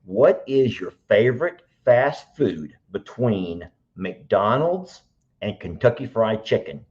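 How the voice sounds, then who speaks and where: Low-voiced chatty man. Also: very animated, slow. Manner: chatty, teacherly, coaxing. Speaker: livestream host. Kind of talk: casual live-stream chat. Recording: dull lo-fi sound.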